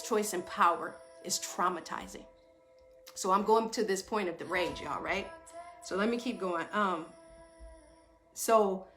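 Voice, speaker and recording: A woman's voice: mid-range voice, fairly bright tone. A woman giving an informal talk to a group, calling them y'all and tagging her points with questions. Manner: addresses listeners as y'all, asks them questions; talks in short rising phrases with tag questions. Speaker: speaker giving a talk on trauma and stress.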